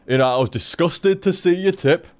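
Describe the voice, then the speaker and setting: A man's voice: a little high, normal speed, a little mellow, smooth. A man chatting casually on a game stream, rambling and swearing, tripping over his words.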